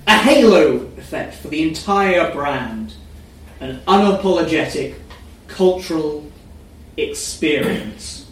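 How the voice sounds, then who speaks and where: A man giving a dry, deadpan live reading of a first-person story. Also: a little high, takes it slowly. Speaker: story reader. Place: reading event in a room. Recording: echoey room, mic far off, faint noise.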